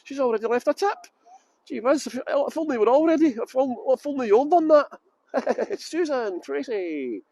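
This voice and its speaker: A man's voice: very high voice, sing-song, normal speed, dark tone. A middle-aged tour guide chatting casually on a livestream outdoors in a busy city, joking and rambling as he greets viewers by name into a handheld phone.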